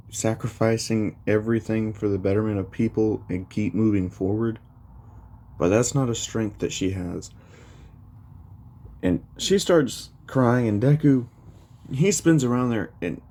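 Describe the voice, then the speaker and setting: A man's voice: lowish voice, mellow. A man casually retelling a fan story, rambling with many fillers.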